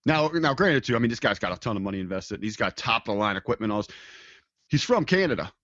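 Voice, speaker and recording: A man's voice: on the low side, big pitch swings, fast talker, fairly bright tone, no room sound, lo-fi sound. A man co-hosting a podcast, telling stories in casual chat with many fillers and restarts. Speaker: podcast co-host.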